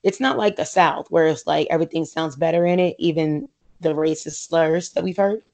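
A woman's voice: low-pitched, normal speed, creaky, darkish tone. An American woman chatting casually and opinionatedly about reality TV, laughing often and slipping into voices when she quotes friends.

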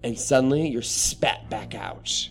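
A man's voice: mid-range voice, unhurried, creaky, fairly bright tone. A young man narrating a tabletop role-playing game as game master, casual with lots of fillers, faint music behind.

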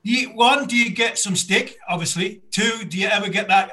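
A man with a bright, forceful tone, interviewing a guest and drifting into long stories. He restarts sentences often and keeps the talk relaxed. His voice sits a little high. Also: normal speed, few pauses. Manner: anecdotal, rambling with restarts. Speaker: interviewer and former fast bowler.

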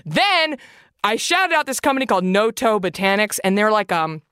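A woman's voice: mid-range voice, big pitch swings, moderate pace, fairly bright tone, smooth, dry recording, clean studio sound. A woman hosting a podcast in a casual, playful chat, talking expressively with sudden bursts of emphasis. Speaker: podcast host.

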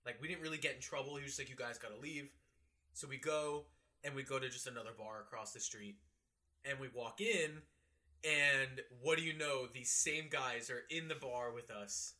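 A man in his twenties, co-hosting a podcast in casual chat, laughing along and adding quick asides. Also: medium pitch, bright, forceful tone. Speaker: podcast co-host.

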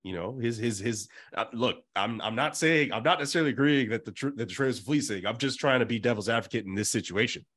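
A man hosting a casual sports podcast, running the talk with playful, animated banter. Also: medium pitch, fast talker, few pauses. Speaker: podcast host.

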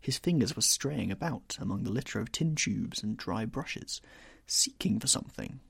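A man narrating a classic novel in an expressive, measured storytelling manner. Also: fairly low pitch, creaky, breathy edge, no echo, studio quality. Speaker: audiobook narrator.

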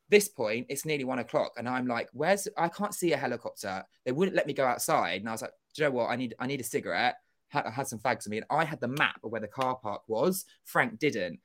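Animated young man telling a story. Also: mid-range voice, fast talker. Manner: animated, acts out quoted dialogue, swears casually. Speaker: interview guest, former contestant. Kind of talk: casual storytelling interview.

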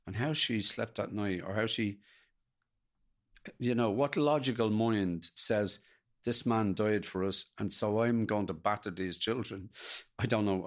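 An older Irish man recounts his story as an interview guest, speaking plainly and earnestly. His voice sits fairly low and carries a gravelly rasp. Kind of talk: personal storytelling in a podcast interview.

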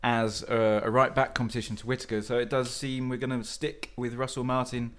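A man's voice: mid-range voice, little pitch movement, fairly quick, a bit bright. A man co-hosting a podcast, chatting casually about football with dry jokes and earnest analysis. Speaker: podcast co-host.

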